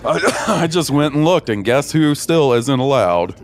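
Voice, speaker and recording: A man's voice: medium pitch, lively intonation, a little slow, slight background noise. A man guesting on a podcast, trading jokey, self-mocking banter in casual chat.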